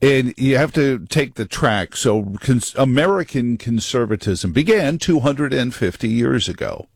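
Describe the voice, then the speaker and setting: Wry talk radio host, dry close mic. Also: male voice, mid-range voice, lively intonation, unhurried, creaky, husky, dry recording. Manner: wry, joking asides. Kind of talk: conservative talk radio monologue. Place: radio studio.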